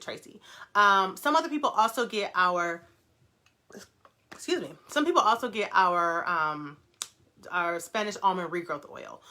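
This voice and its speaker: A young woman hosting a casual livestream, reading viewer comments aloud and answering them in a fast, animated way with frequent laughter. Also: mid-range voice. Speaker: brand founder hosting a live Q&A.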